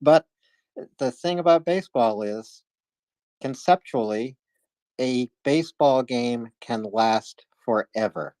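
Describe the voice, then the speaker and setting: A man in a casual live audio chat, explaining things in a measured, patient way. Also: mid-range voice, darkish tone, dry recording.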